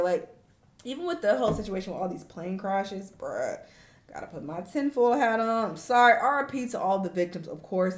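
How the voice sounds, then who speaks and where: A young adult woman hosting a casual reaction video, talking candidly and animatedly and cursing freely. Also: medium pitch. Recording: echoey room.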